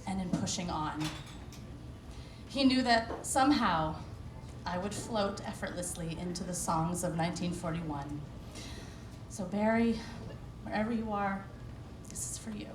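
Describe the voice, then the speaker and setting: A woman, a cabaret singer, giving an emotional acceptance speech on stage at an award show and thanking a long list of people. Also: mid-range voice. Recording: echoey hall with background noise.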